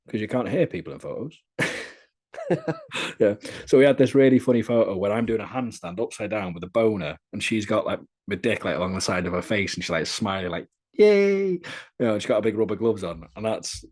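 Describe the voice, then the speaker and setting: A man's voice: lowish voice, a little mellow. A young British man telling candid, crude anecdotes in a casual podcast interview. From Britain. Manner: candid, chatty storytelling with crude humour. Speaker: adult content creator being interviewed.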